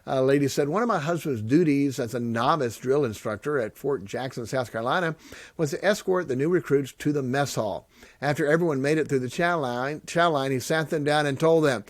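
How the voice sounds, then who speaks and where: A middle-aged man hosting a podcast, joking and sarcastic, swinging between loud bits and soft earnest talk. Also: mid-range voice, animated, normal speed, no room sound, clean studio sound. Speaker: podcast host and pastor. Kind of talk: casual podcast monologue.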